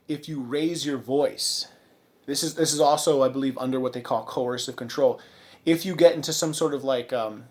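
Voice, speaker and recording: Rambling, indignant man ranting. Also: mid-range voice. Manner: rambling, with many fillers and restarts. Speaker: vlogger. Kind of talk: casual commentary monologue.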